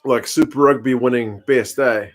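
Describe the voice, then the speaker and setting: A man's voice: mid-range voice, normal speed. A man, chatting casually on a live stream as host, answering viewer comments while watching a rugby match.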